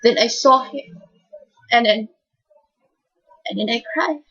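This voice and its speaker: Halting, tearful woman, lo-fi sound. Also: on the high side, a bit bright, husky. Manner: halting, repeats words and restarts often. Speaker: speaker giving a personal testimony. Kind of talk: emotional faith testimony. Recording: dull lo-fi recording.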